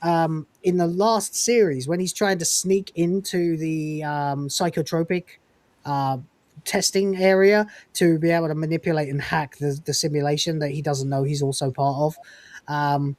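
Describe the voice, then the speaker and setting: Woman podcast host, low-voiced, profane and animated, with a dry, close sound. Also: moderate pace, no room sound. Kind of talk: casual review chat.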